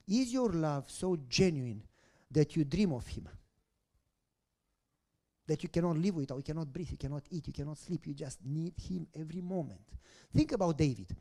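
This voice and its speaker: A pastor delivers a sermon in a voice on the high side, telling a story and asking the congregation rhetorical questions. He moves back and forth between quiet, hushed lines and sudden loud bursts.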